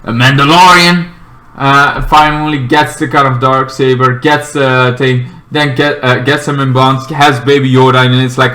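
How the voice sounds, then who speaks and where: Male reviewer, casual and rambling, bright forceful tone, lots of filler words. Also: medium pitch, little pitch movement, normal speed. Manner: rambling, many fillers and restarts, bursts into shouted character quotes. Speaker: TV show reviewer. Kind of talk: casual spoken review with acted-out quotes.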